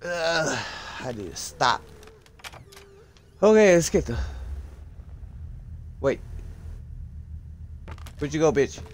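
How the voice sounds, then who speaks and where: A man's voice: a little high, animated, slow pace, pauses often. A young man live-streaming a horror game, swearing constantly and screaming when startled. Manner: profane, jumpy, screams in fright.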